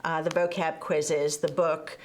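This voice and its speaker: A woman's voice: low voice, little pitch movement, unhurried, slight background noise. Chatty woman hosting a podcast. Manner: chatty, plays out family scenes. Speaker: podcast host. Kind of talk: conversational podcast interview.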